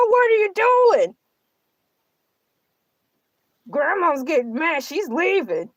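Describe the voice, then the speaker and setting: A woman's voice: very high-pitched, a bit bright, no echo, full character voice. A woman voicing a boastful, self-pitying male shark who hosts a comedic livestream and rambles through melodramatic complaints. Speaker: livestream show host in character. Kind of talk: comedic character livestream monologue.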